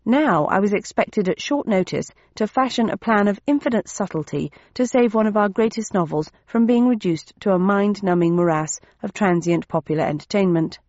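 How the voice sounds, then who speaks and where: A woman's voice: medium pitch, normal speed, few pauses, a little mellow, dry recording. Brief: woman audiobook narrator, wry, close studio mic, slightly dull sound. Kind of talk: first-person novel narration.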